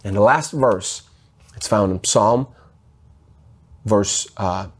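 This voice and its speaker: A man preaching a sermon, reading scripture aloud and explaining it, rising in pitch as he gets stirred. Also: takes it slowly, husky.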